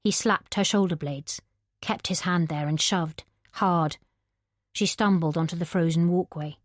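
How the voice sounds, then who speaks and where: A woman narrating a psychological thriller audiobook in a measured, tense manner. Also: fairly low pitch, dry recording, studio quality. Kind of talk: scripted narration.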